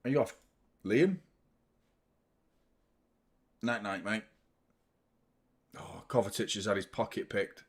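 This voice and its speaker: A man's voice: on the low side, takes it slowly, long pauses, breathy edge. A man hosting a live football watchalong, commenting on the match, chatting to viewers and swearing freely. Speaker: host of a football watchalong stream.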